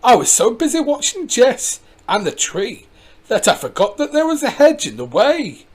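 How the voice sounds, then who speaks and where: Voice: medium pitch, very animated, normal speed, breathy edge, voice pushed up. A storybook reader voicing an eager, clumsy young farmer with a hearty manner.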